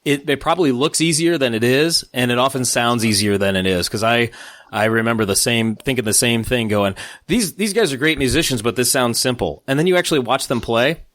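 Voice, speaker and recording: A man's voice: mid-range voice, brisk, a bit bright, no room sound. A man co-hosting a music podcast, talking enthusiastically and a bit nerdily, poking fun at himself with small laughs. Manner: enthusiastic, nerdy, self-deprecating, breaks into little laughs. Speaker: podcast co-host. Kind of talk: casual music discussion.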